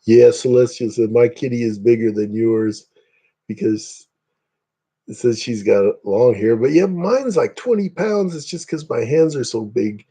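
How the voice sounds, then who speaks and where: A man's voice: medium pitch, lively intonation, measured pace, dark tone, breathy edge. A man from Indiana hosting a casual livestream, rambling chattily and greeting viewers by name. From Northeast Indiana, USA. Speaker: livestream host.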